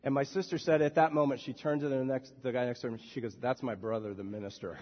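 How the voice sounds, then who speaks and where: A man preaching a sermon as a minister, swinging from soft, quiet passages to loud shouted bursts. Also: mid-range voice, steady tone, fast talker, long reverb tail, lo-fi sound, slight background noise. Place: church sanctuary.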